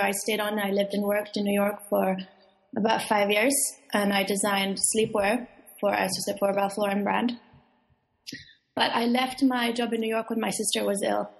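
A woman guest answers interview questions. Her voice stays flat and even, her speech measured and a little hesitant. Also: mid-range voice, gravelly, rough recording. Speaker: interview guest, fashion entrepreneur.

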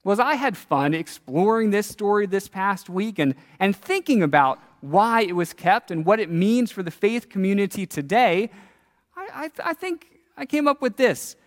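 A male pastor tells a Bible story in his sermon, his high voice swinging widely in pitch as he questions his listeners. The sound carries a long reverb, as from a large hall. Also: lively intonation, normal speed.

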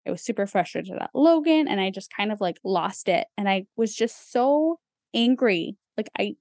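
A woman's voice: mid-range voice, expressive, normal speed, darkish tone, dry recording, clean studio sound. A young woman co-hosting a podcast, talking in a casual, chatty way with lots of fillers and small laughs. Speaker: podcast co-host. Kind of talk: casual chat.

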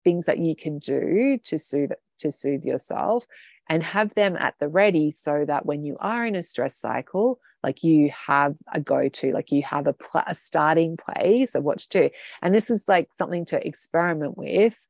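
A woman's voice: low voice, expressive, moderate pace, vocal fry, a little mellow, no echo. A woman coaching a live group over a video call, talking casually and rambling with many fillers and restarts.

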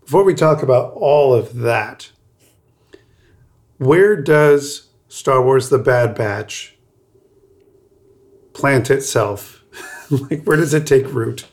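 A man's voice: medium pitch, slow pace, pauses often, a little mellow. A man co-hosting a podcast, chatting casually with frequent laughs and loose, rambling phrasing. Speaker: podcast co-host.

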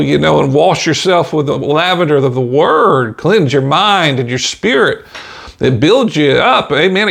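A man's voice: a little high, creaky, slightly rough. A man preaching an informal podcast sermon in a folksy way, dropping in "amen" and "you know" and chuckling between points.

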